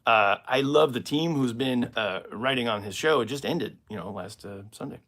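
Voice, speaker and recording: A man's voice: medium pitch, moderate pace, fairly bright tone. An American man, a comedian, answering viewer questions in a casual, rambling live stream and laughing at his own jokes. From United States.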